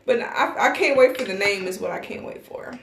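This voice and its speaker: A woman's voice: medium pitch, moderate pace, creaky, background noise. A young woman co-hosting a podcast, gushing and giggly in casual chat. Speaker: podcast co-host. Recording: roomy echo.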